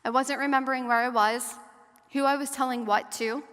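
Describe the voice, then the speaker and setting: A woman's voice: high-pitched, fairly even intonation, smooth. Earnest woman speaking in a reverberant hall. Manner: earnest and measured, slowing and softening at hard moments. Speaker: guest speaker and survivor advocate. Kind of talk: personal testimony talk to an audience. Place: large hall or church.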